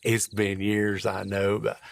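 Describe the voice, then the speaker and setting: A man voicing a cheerful, slightly tipsy old husband who talks slowly and drawls. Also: on the low side, monotone, gravelly. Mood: merry. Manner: slow, drawn-out, merry.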